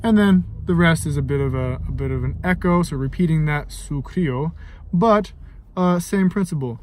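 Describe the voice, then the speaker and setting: On a recording with a little hiss or hum, a music teacher and composer speaks at a moderate pace in a slightly high, somewhat mellow voice. He explains informally how to set text to music, musing aloud with lots of fillers and singing brief phrases to illustrate.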